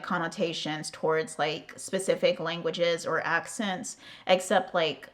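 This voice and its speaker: A young American woman telling a storytime to her channel in casual, candid talk, heavy on fillers and swearing. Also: lowish voice. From United States. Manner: candid, profane, lots of "like" fillers. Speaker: vlogger.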